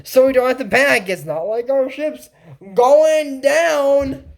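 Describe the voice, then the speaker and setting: A woman's voice: sits high, a little slow, gravelly. A woman giving a casual reaction commentary on a cartoon episode, rambling and sarcastic, with mocking asides.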